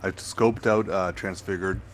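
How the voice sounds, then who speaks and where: A man co-hosting a podcast, giving measured, thoughtful opinions. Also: deep voice, fairly even intonation, slight background noise. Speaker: podcast co-host. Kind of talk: casual chat.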